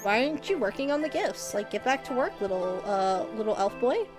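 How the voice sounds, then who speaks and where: A woman's voice: a little high, very animated, brisk, over music. A woman voicing Santa as a confused, bossy old man scolding a helper.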